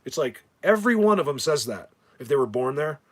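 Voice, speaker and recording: Husky rambling New man. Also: mid-range voice, a little fast. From New Jersey. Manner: rambling, joking, many restarts. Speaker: live video host. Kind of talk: casual rambling live chat.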